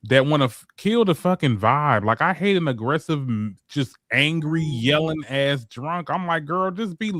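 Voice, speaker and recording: Sassy, exasperated male panelist, slightly high voice, dry mic. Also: lively intonation, moderate pace, few pauses, fairly bright tone, no room sound. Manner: sassy, exasperated, says "honey". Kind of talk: casual panel chat.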